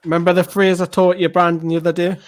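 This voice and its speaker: A man's voice: high-pitched, little pitch movement, fast. A man on a casual fan chat, teasing his co-hosts.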